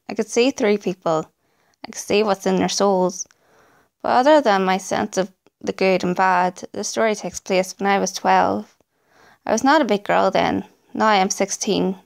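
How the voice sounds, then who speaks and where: A woman's voice: mid-range voice, vocal fry. A woman reading true creepy stories aloud in a dramatic storytelling manner. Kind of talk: scripted narration.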